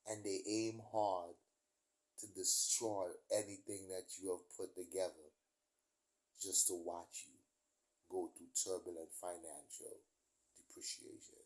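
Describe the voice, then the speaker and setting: A man's voice: sits low, little pitch movement, a little slow. Profane New man ranting. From New York, USA. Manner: profane, emphatic street talk. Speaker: vlogger. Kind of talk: ranting storytelling monologue.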